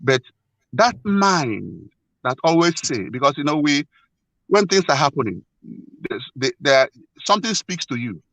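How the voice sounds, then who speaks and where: A man earnestly telling a personal story as a guest, halting and repeating himself often. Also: on the high side, big pitch swings, a bit bright, dry recording, poor audio. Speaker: guest sharing a marriage problem.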